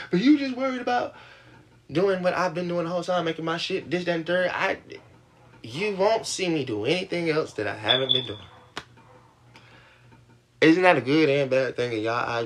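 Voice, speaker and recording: Male livestream host, slightly high-pitched, rambling and laughing as he vents and swears. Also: a bit bright, a little hiss or hum. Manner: rambling, laughing often, swearing, voice jumping up when worked up. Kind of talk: venting monologue to a live audience.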